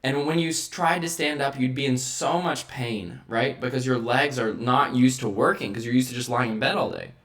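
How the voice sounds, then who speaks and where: A man's voice: mid-range voice, moderate pace, few pauses, a bit bright. A man hosting a vlog, talking through a motivational monologue and checking in with the listener by asking "right?" again and again. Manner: rhetorical, checks in with frequent "right?" tags. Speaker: vlog host.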